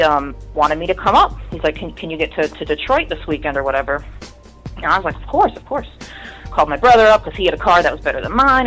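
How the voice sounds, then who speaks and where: A woman's voice: fairly low pitch, fairly bright tone, poor audio. A woman in her thirties, a musician guest in an interview, telling a long story in a candid, rambling, profane way.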